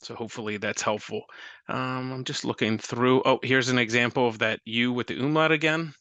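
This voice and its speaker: Bright-voiced man teaching a casual lesson. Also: medium pitch, steady tone, a little fast, dry recording. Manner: friendly, explanatory, with fillers. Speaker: host teaching a prayer.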